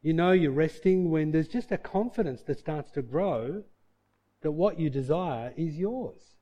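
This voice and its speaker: A male preacher with a fairly high voice, delivering a sermon. His delivery swings widely, sinking to hushed, low lines and then climbing to shouted peaks. He tells stories with a preacher's rhythm. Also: lively intonation, measured pace, highs cut off. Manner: storytelling, shifting between soft low passages and loud shouted peaks.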